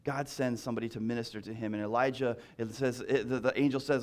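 A man's voice: mid-range voice, fairly even intonation, fast. A male pastor preaching a sermon in a conversational way, repeating key lines and restarting phrases as he talks.

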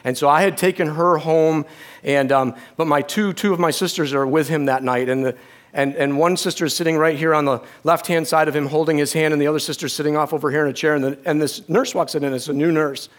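Middle-aged guy preaching, kinda high voice, choked up storytelling, lots of restarts and soft hushed bits. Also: steady tone. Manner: emotional storytelling, halting restarts, drops to a hush. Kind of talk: sermon.

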